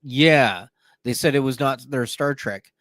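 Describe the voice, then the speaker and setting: A man's voice: medium pitch, unhurried, dry recording. Man chatting casually on a podcast. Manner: relaxed, frequent short agreements. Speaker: podcast co-host. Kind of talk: casual chat.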